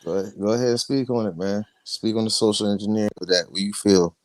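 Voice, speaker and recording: A man's voice: fairly low pitch, fairly even intonation, no room sound. Casual slangy man hosting a livestream. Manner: loose, slangy, quick to hand over the floor. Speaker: livestream host.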